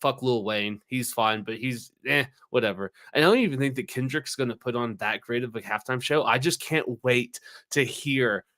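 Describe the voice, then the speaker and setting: A man's voice: mid-range voice, moderate pace, a bit bright. A man co-hosting a podcast in casual banter, rambling and emphatic, swearing often. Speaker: podcast co-host.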